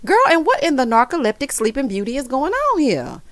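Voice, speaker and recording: A woman talks fairly quickly, recapping a reality show with sassy, animated commentary full of side-eye asides. She calls viewers honey and child and bursts into loud, high laughter, with no echo in the recording.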